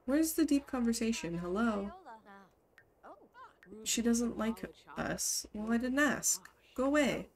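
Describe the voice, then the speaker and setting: Slow-talking woman streaming gameplay. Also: fairly high pitch, animated. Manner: casual, bursts into laughter, scolds her game characters. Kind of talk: live-streamed gameplay commentary.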